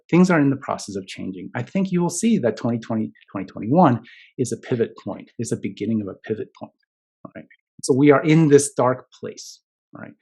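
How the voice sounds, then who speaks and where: Gravelly-voiced man giving a casual keynote. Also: medium pitch, a little mellow. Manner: conversational, many fillers and "right?" tags. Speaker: keynote speaker.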